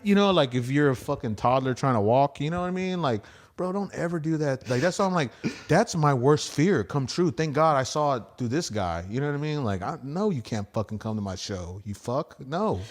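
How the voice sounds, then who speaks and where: A man's voice: mid-range voice, expressive, brisk, few pauses. A man who does stand-up, a podcast guest telling stories in a rambling, profane way and acting out the voices of people he quotes. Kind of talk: casual podcast storytelling.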